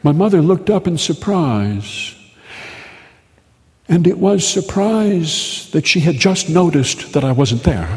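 Male host-storyteller, deadpan and unhurried, long reverb. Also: fairly high pitch, slight background noise. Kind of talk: humorous storytelling monologue.

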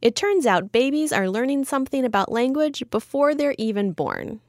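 A woman's voice: sits high, big pitch swings, moderate pace, darkish tone, no echo, studio quality. A woman hosting a science show for children, leading into questions and answers in an upbeat way. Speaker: host.

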